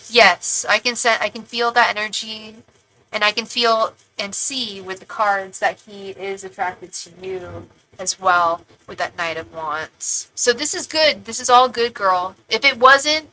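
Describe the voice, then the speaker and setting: A woman reads tarot live for her viewers, her voice bright and forward. She talks in a loose, reassuring way, stumbling over restarts and fillers and calling the viewer fond names as she goes. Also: medium pitch, measured pace, low-quality recording. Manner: affectionate asides to the viewer. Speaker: tarot reader and psychic. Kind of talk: live-stream tarot reading, reading viewer comments aloud.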